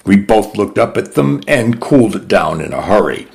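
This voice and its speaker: A man's voice: fairly low pitch, very animated, normal speed, gravelly, hardly any pauses, darkish tone. A man narrating a novel in the first person with a dry, wry storytelling manner. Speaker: audiobook narrator.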